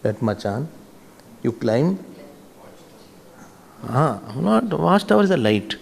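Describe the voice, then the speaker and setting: A man with an Indian accent giving a spiritual discourse as a swami, animated and switching between English and Hindi. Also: on the high side, slow, creaky. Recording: reverberant hall.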